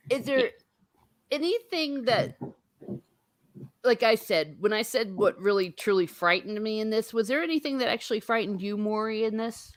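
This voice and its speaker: A middle-aged woman hosts a casual livestream chat, her voice sitting a little high. She talks loosely and laughs often. Now and then she stops to welcome viewers by name. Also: animated, normal speed. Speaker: host.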